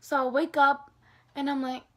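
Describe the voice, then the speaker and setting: A young woman tells a story straight to her camera, her voice sitting high for a woman. She talks casually with a constant stream of fillers and acts out what everyone said. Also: moderate pace. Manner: animated, lots of fillers, acts out dialogue. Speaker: vlogger.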